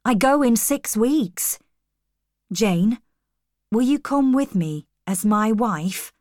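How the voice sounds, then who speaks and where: A woman reading the lines of an earnest, serious young male missionary in a calm, measured way. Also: a little high, dry recording, clean studio sound.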